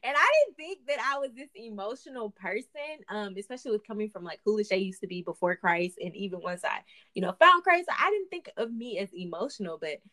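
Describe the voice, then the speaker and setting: A woman co-hosting a faith podcast, chatting expressively with frequent laughs and sudden upward swings in pitch. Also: sing-song, brisk, bright, forceful tone. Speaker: podcast co-host.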